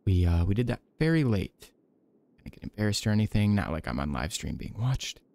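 A man streaming a game, giving soft-spoken ASMR commentary with gentle self-talk and the odd casual swear. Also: fairly low pitch, very animated, brisk, gravelly, no room sound.

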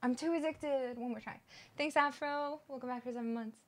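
A woman streaming a video game live, reacting excitably, swearing and yelling in frustration, then muttering to herself. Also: high voice, fairly quick. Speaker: gaming streamer. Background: game music.

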